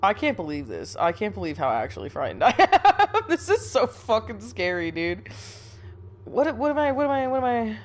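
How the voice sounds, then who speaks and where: A woman's voice: mid-range voice, huge pitch swings, moderate pace. A young woman streaming a horror game with jumpy, nervous commentary, swearing often and laughing through her fear, a little sniffly from a recent cold. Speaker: gaming streamer.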